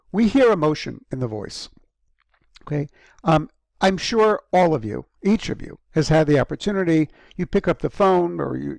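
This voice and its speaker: A man delivers a university lecture into a close microphone, his slightly raised voice carrying a gravelly edge. He talks haltingly, with frequent ums and restarts, and keeps clearing an irritated throat. The sound is dry. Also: fairly high pitch, a little mellow, no echo.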